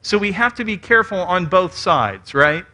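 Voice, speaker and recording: A man from West Virginia with Southern rhythm and Canadian-like vowels, giving an animated, joking conference talk with audience questions. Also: high voice, normal speed. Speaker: conference speaker. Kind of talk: lecture and audience Q and A.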